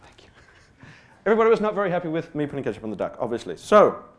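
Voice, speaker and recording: A little high and sing-song, the voice of this Australian man moves very fast through a funny personal story in a stage talk. It's rambling speech full of fillers and restarts, with self-deprecating asides and casual swearing.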